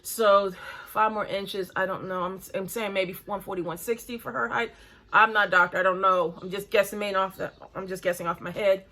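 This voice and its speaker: Blunt, breathy woman in her forties. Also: mid-range voice, steady tone, brisk, sharp tone. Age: 40s. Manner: blunt, critical, chatty. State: breathing hard. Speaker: reaction video host. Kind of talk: casual reaction commentary.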